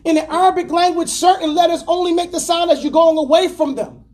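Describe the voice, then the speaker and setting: A man teaching a class, animated and stop-start, having students repeat words after him. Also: very high voice, a little fast. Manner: stammers and restarts often. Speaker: teacher of Quran exegesis class. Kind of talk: classroom lesson.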